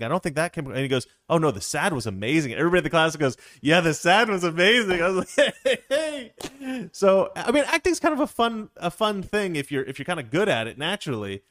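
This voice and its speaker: This co-host's voice is fairly high and fairly bright, captured in studio quality without any room sound. In a casual chat he tells rambling, lengthy stories, often starting over and using plenty of fillers.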